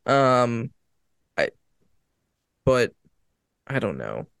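A man's voice: medium pitch, big pitch swings, drawn-out words, gravelly, a bit bright, clear, resonant tone, no room sound, studio quality. A man chatting casually about sports, rambling and restarting his sentences with emphatic bursts.

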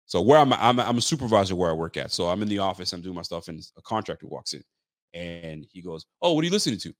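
A fairly low-voiced young man talks sports on his podcast in a loose, slangy way, jumping up in pitch when he acts out what other people said. The sound is dry and close, with no room around it. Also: quick pace, no echo. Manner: animated, lively storytelling with mimicked quotes; loose street slang and swearing. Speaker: podcast host. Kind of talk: casual sports talk chat.

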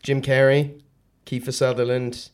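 A man's voice: medium pitch, level tone, measured pace, darkish tone, clean tone. A man hosting a casual podcast chat, joking and reading off a list. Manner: laid-back, joking, reads off a list. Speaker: podcast host.

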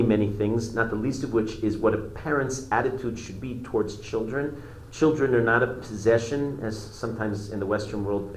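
A man teaching a religious class, retelling a story in a halting way with many restarts. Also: fairly low pitch, reverberant, a little hiss or hum, poor audio.

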